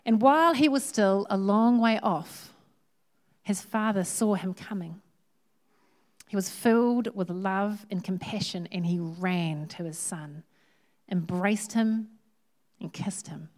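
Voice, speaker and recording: A woman preaching a sermon. She keeps it chatty and lively, with jokes along the way. Her voice sits in a middle register. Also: mid-range voice, slow pace. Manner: lively, humorous, conversational.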